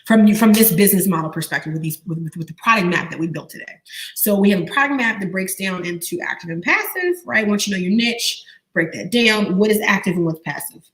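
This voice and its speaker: A young woman leads a live online training as a business coach. She fires questions at her viewers and repeats her prompts over and over in a lively call-and-response way. Her pitch sits in the middle for a woman, and the sound is that of a webcam live stream. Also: fairly quick.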